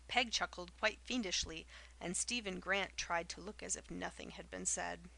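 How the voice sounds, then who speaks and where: A woman reads an audiobook in a measured, literary storytelling style. Her voice carries a gravelly texture and a bright, sharp tone. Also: fairly low pitch, rough recording. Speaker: audiobook narrator. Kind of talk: scripted narration.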